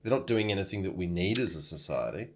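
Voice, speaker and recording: Hesitant Australian man, low voice. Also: animated, fast talker. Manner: thoughtful, hesitant, many ums. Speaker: podcast co-host. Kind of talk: casual book-club chat.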